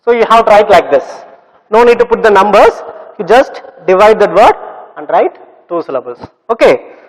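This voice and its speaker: A male teacher in a classroom, explaining slowly and repeating words and sounds for his students. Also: sits high, very animated, in a large hall, low-quality recording. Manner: slow, repetitive explaining with drawn-out sounds. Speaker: English teacher. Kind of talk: classroom lesson.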